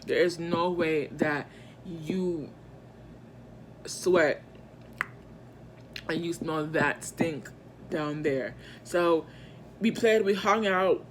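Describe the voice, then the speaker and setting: Brief: woman vlogger, unhurried drawl, animated slangy storytelling, quick asides to the audience, faint background hiss. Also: low-pitched. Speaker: vlogger telling a personal story. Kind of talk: casual storytime.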